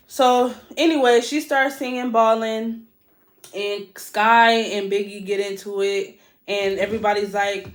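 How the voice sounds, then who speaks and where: A woman hosting a podcast, recapping a reality show in a casual, profane, animated way and talking straight to listeners. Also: fairly high pitch, measured pace. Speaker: podcast host.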